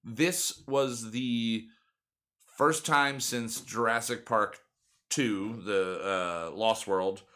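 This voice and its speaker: A man's voice: medium pitch, fairly even intonation, extremely slow, fairly bright tone. A young man in his twenties hosting a podcast, chatting casually and rambling with many fillers and restarts. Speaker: podcast host. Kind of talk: casual chat.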